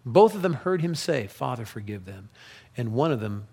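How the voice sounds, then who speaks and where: A pastor preaching a sermon, telling the story with animation and reading scripture passages aloud. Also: male voice, medium pitch, very animated, normal speed, warm tone, breathy edge.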